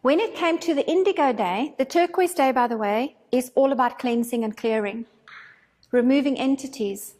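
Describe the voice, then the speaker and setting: A woman teaching a spiritual course, telling a story in a casual, animated way and acting out her own thoughts. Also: high-pitched, moderate pace, big-room sound.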